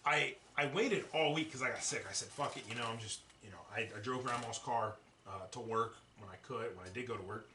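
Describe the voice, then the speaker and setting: A man hosting a podcast, telling a story in a casual, profane, animated way. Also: mid-range voice, brisk, slight background noise. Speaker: podcast host. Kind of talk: casual chat. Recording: echoey room, distant mic.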